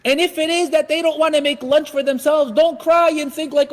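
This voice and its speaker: A man giving a religious lecture in an animated way, acting out everyday scenes. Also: extremely high pitch, fairly quick, few pauses. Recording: echoey hall.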